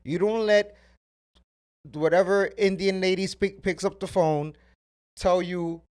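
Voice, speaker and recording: A man's voice: sits high, fairly even intonation, unhurried, darkish tone. A man, co-hosting a podcast in casual banter, blunt and joking as he recounts stories. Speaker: podcast co-host.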